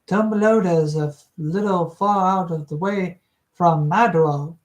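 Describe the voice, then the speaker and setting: Reader voicing a jittery storybook shopkeeper, pitch lifted, eager questions. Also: measured pace, natural voice. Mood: uneasy. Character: nervous shopkeeper craftsman.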